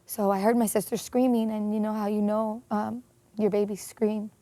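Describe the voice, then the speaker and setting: A woman telling a painful personal story in an interview, earnest and emotional, with many pauses and fillers. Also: mid-range voice, flat delivery, warm tone, dry recording. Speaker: interview guest.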